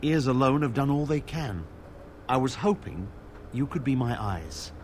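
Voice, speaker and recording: An actor playing a blind, battle-scarred older knight in a video game, speaking in formal, archaic phrases. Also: male voice, medium pitch, expressive, unhurried, a little hiss or hum, close to an everyday voice. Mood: solemn. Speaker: game character.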